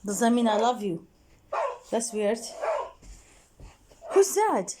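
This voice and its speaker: Lively high-voiced woman coaxing her dog. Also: takes it slowly, background noise. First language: Arabic. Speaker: pet owner filming her dog. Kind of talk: casual home video chat.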